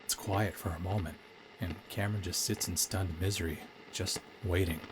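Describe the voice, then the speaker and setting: A man narrating a story as an amateur audiobook reader, in a steady, deliberate way. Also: low-pitched, background noise.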